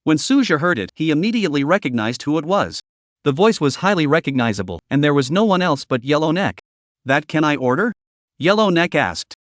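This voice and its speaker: Lively, fairly high male recap narrator. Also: brisk, no echo, clean studio sound. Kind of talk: scripted story recap narration.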